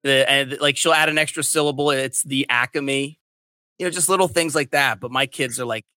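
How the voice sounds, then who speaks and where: Middle-aged guy w/ hosting a podcast, kinda bright punchy tone, dry close sound, lots of um and restarts. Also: mid-range voice, moderate pace, dry recording. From Delaware County, Pennsylvania. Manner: rambling, frequent restarts and fillers. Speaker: podcast host. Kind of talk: casual chat.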